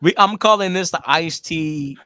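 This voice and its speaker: A man's voice: a little high, normal speed, smooth, no room sound, clean studio sound. A man in his forties co-hosting a casual chat, telling boisterous, profane stories. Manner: loud, profane, boisterous storytelling. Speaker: co-host.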